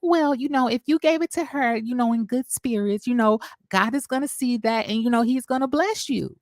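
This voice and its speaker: A man mimicking a sweet-talking woman in a high sing-song voice during a casual video recap. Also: normal speed, no room sound, studio quality. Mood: syrupy sweet. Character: sugary high-voiced woman greeting friends.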